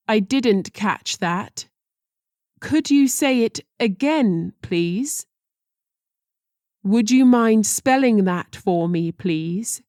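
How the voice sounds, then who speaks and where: Slow, careful woman reading phrases. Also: mid-range voice, a little mellow, dry recording, clean studio sound. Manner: slow and deliberate, careful pronunciation. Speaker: language teacher.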